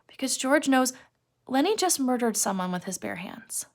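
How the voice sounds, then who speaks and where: A woman's voice: sits high, very animated, normal speed, vocal fry. A woman teacher retelling a novel chapter to her students in a casual, chatty way, acting out bits of dialogue.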